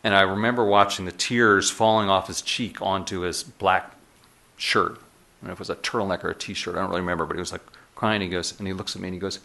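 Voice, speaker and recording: A middle-aged man with a bright, forceful tone and a slightly low voice tells stories on stage to a live audience. His delivery is animated, and laughter keeps creeping into his anecdotes. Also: quick pace, creaky. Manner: animated anecdotes, often laughing while telling them. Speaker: speaker telling stories to an audience. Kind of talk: storytelling talk to a live audience. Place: lecture room with audience.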